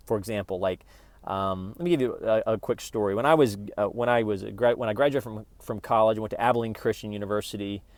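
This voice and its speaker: A man's voice: lowish voice, quick pace, a little mellow, no room sound. A middle-aged man hosting his own channel, giving a casual, joking spiritual self-help talk that often restarts mid-sentence. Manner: conversational and joking, with frequent restarts. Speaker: YouTube channel host.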